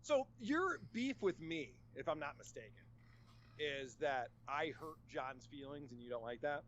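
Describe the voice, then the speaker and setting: A man's voice: a little high, expressive, a little slow, fairly bright tone, muffled recording, slight background noise. A man appearing as a guest on a podcast, mocking and sarcastic, often laughing at his own jabs. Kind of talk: casual podcast chat.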